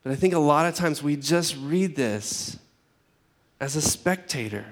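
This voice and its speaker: A man preaching a sermon in a relaxed, conversational way, often acting out characters in everyday voices. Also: fairly high pitch, a little slow. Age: adult parent. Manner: conversational, acts out biblical characters in casual voices. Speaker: pastor.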